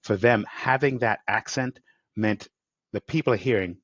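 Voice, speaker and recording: A man hosting a podcast interview speaks in a fairly low voice, enthusiastic and given to rambling. The sound is dry and dull, like a remote recording without much room to it. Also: normal speed, fairly bright tone, dry recording. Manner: enthusiastic, rambling, acts out quotes. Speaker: podcast host. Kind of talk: conversational interview.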